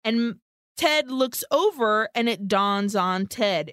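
Animated woman recapping a film. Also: a little high, measured pace, no room sound, clean studio sound. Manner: animated retelling, swears freely. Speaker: podcast co-host. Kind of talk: casual chat recapping a film.

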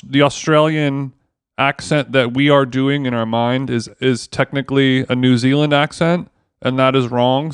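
A man co-hosting a podcast in casual chat, with a deadpan, teasing delivery. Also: medium pitch, smooth, no echo. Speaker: podcast co-host.

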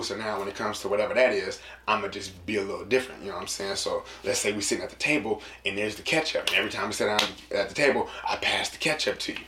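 Guy rambling slangy and animated, drops low for quotes, echoey room w faint hiss. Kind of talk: casual monologue to listeners.

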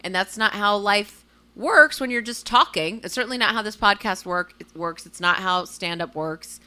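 A young woman co-hosting a podcast in casual chat, telling stories excitably and swearing freely. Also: medium pitch, normal speed, clean tone. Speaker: podcast co-host.

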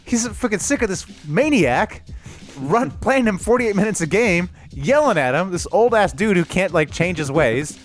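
A man's voice: sits high, expressive, normal speed, faint music behind. A man co-hosting a casual sports podcast, talking bluntly with profane jokes. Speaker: podcast co-host.

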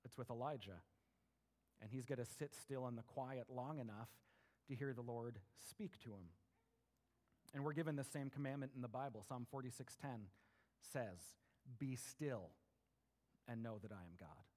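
A man's voice: medium pitch, normal speed, long pauses, darkish tone. A middle-aged man preaching a sermon in a conversational way, often checking in with "right?" and acting out voices. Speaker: pastor.

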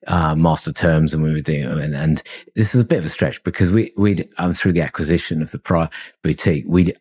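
A man's voice: a bass voice, darkish tone, husky. A middle-aged man, a consultancy founder, talking reflectively in a podcast interview, rambling with fillers and chuckles. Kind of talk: conversational interview.

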